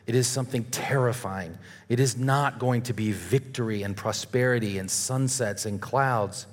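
A man's voice: medium pitch, normal speed. A male preacher delivering an earnest sermon, reading scripture aloud and warning his listeners. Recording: long reverb of a large hall.

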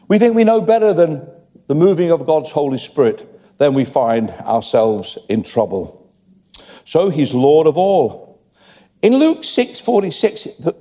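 Older guy preaching in a big echoey church, mellow, kind of high voice, joking asides. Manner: chatty, joking asides to the congregation. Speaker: pastor. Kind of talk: sermon. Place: church hall. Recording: long church hall reverb.

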